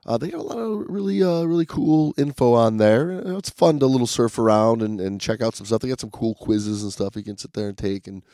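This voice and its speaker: A man's voice: medium pitch, a little fast, few pauses, dark tone, dry recording, studio quality. A man co-hosting a podcast in casual chat, rambling and upbeat with lots of fillers and restarts. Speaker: podcast co-host.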